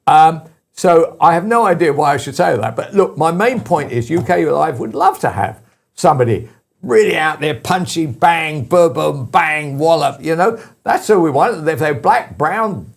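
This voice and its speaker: Gravelly older Englishman hosting talk radio. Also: a little high, lively intonation, moderate pace. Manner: rambling, anecdotal, emphatic. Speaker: show host.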